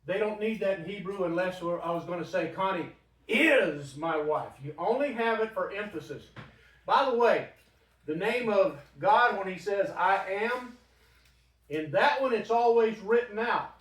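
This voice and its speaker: A man's voice: high-pitched, moderate pace. A man teaching a Bible study in a church room, talking conversationally and putting questions to the group. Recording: roomy, from a distant mic.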